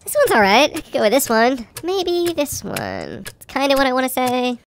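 A man voicing a small, excitable toy stick-figure who hosts a stop-motion cartoon show, quick and exclamatory. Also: very high-pitched, gravelly, heavily acted. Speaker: host. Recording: loud music bed behind voice. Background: loud music and crowd noise.

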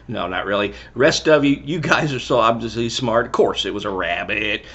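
A middle-aged man leading a children's church service, cheering the kids on and then telling a Bible story gently. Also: medium pitch, normal speed, slight background noise. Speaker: children's pastor. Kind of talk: lively children's church talk.

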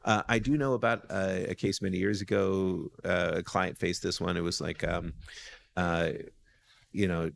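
A man's voice: sits low, moderate pace, gravelly. An American man, a lawyer and guest on a podcast, chatting casually and telling stories, restarting sentences with many "you know"s. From United States. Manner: animated storyteller.

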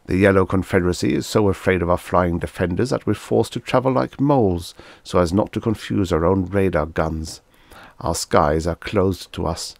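Blustering male war zealot, read by a deep man, contemptuous and snappish, gravelly low voice. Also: darkish tone, no echo.

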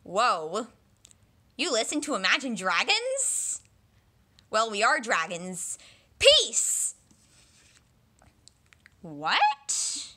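Bright, wildly swooping woman's comedy voices. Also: fairly high pitch, big pitch swings, slow, long pauses. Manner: jumps between silly character voices, shrieks and mutters. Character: cast of young dragons in a parody. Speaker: solo fan dubber voicing every character. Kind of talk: comedic one-woman parody dub.

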